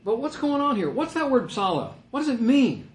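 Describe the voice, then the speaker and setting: Animated preacher man, echoey room. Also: extremely high pitch. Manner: animated, rapid questions and answers, reads verses aloud. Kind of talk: sermon with scripture readings.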